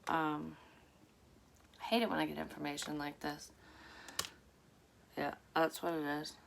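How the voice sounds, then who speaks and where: A woman's voice: sits low, little pitch movement, unhurried, gravelly, background noise. A woman giving a casual, rambling psychic card reading to her viewers. She talks frankly and swears freely. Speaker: psychic tarot reader. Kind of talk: casual tarot reading to camera.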